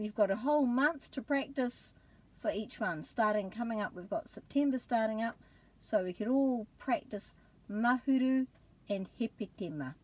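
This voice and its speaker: Slow, patient New woman teacher. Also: mid-range voice. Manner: careful, patient, sounds out syllables slowly. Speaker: language teacher. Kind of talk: slow pronunciation lesson.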